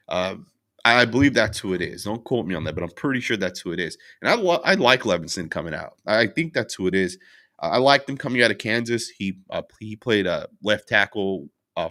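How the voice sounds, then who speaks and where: A young man with a low, deep voice and a bright, forceful edge, venting about a loss in a casual recap. He rambles and restarts, packs his talk with fillers, and stops to answer viewers' chat comments. His frustration holds steady from start to finish. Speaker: sports channel host. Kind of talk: casual post-game recap, reading chat.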